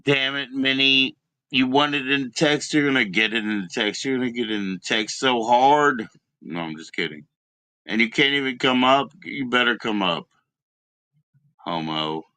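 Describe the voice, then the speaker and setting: A man's voice: mid-range voice, moderate pace, bright, forceful tone, no echo. Teasing, chatty man live-streaming. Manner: teasing, chatty, inviting viewers to join. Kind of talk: casual live-stream chat.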